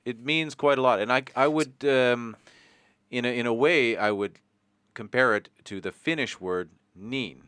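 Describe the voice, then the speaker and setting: A man's voice: medium pitch, measured pace, fairly bright tone, clean tone, dry recording. A Canadian man with a Canadian accent hosting a casual podcast chat, rambling and joking, swearing now and then. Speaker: podcast host.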